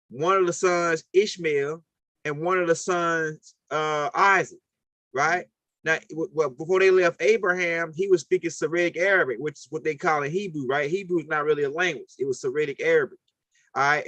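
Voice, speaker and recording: A man with a New Orleans accent talks through his ideas in a loose, rambling way, keeping his listeners with him by asking "right?" over and over. His voice sits a little high. The sound is dry and close, with no room echo. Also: fairly bright tone. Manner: rambling, repetitive, with frequent "right?". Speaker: host of a call-in talk. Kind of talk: casual lecture.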